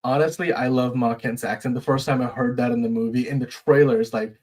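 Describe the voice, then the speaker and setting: An easygoing man hosts a casual live stream in a voice of ordinary pitch. He reads out viewer comments and answers them in a relaxed, agreeable way, with plenty of fillers. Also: a little fast, hardly any pauses. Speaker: show host.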